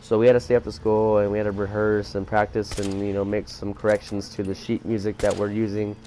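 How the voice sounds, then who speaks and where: A man's voice: on the low side, level tone, fairly quick, mellow, slight background noise. A teenage boy rambling through a story about his school day, with many fillers and restarts. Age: teens. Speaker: vlogger. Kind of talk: casual storytelling vlog.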